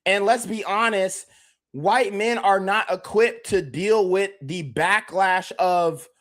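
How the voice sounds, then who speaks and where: A man's voice: high-pitched, takes it slowly, a bit bright. Emphatic man hosting a commentary rant. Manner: emphatic, repetitive, addresses the chat directly. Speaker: podcast host.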